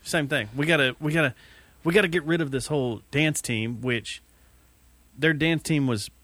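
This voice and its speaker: A man's voice: on the high side, moderate pace, fairly bright tone, no room sound. A man co-hosting a podcast, chatting casually with dry wisecracks and rambling asides. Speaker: podcast co-host.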